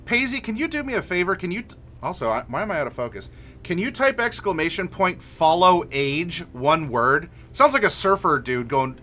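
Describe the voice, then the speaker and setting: A male streamer talks casually to his chat, rambling and full of filler words. His voice sits a bit high and sounds bright and forceful. Faint music plays under him. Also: sing-song, normal speed. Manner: rambling, reads chat messages aloud with many fillers.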